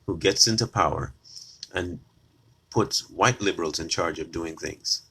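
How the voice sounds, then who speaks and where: A political commentator delivers a combative opinion monologue directly to his viewers, repeating lines for emphasis. His voice is low, a little slow and gravelly, somewhat bright, with a breathy edge.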